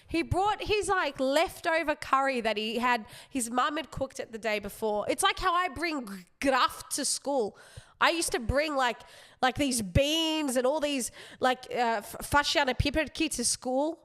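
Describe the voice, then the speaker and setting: Young woman, high pitch, animated rambling comic storyteller, podcast host. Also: measured pace. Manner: animated, rambling with self-aware asides.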